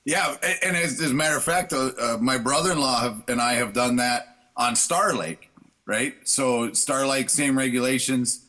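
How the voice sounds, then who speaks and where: Bright, earnest man. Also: medium pitch, moderate pace. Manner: earnest, upbeat, restarts sentences. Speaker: event chair guest. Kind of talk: casual radio chat.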